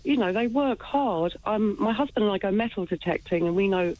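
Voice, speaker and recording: A woman's voice: medium pitch, expressive, brisk, darkish tone, highs cut off. A woman calling in to a talk radio show, earnest and agreeable, repeating her points. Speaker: caller. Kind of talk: phone-in call.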